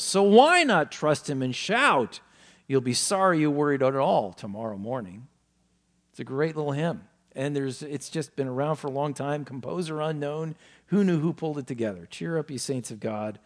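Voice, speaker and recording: A man preaching a sermon to his congregation in an earnest manner, his emphasis rising and falling, pausing now and then to correct himself. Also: on the high side, darkish tone. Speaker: pastor.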